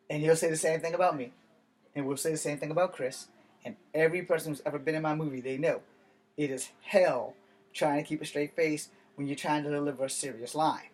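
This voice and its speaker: A man vlogging to camera in a profane, combative rant. His voice sits slightly high, and he talks bluntly, swearing freely as he makes his points. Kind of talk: profane ranting monologue.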